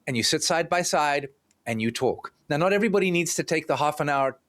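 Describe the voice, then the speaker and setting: A man as a podcast guest, explaining relationship repair calmly and acting out example lines between partners. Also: a little high, a little fast. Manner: calm, explanatory, acts out example dialogue.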